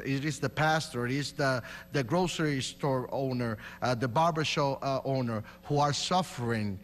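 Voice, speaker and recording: A man in his forties with a Puerto Rican Spanish accent, answering debate questions emphatically in loose, broken English. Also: mid-range voice. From New York. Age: 40s. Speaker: mayoral candidate. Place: large hall at a live debate. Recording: reverberant hall with faint hum.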